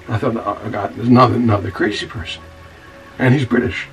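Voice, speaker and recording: A man plays a blunt, profane scoundrel spinning a rambling yarn, tripping over his own words. His mid-pitched voice sits away from the mic. Soft music runs behind him. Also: fairly quick, far from the mic, lightly acted, rough recording. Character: rough-talking scoundrel man telling a wild story. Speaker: narrator.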